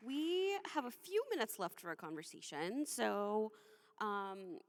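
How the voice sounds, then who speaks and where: A woman hosts the question period of a poetry panel in an even, mid-pitched voice. She is friendly and pokes a little fun at herself. Her words echo with the long reverb of a conference hall. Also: a little slow, some chatter behind, slight background noise. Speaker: moderator. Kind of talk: panel moderating.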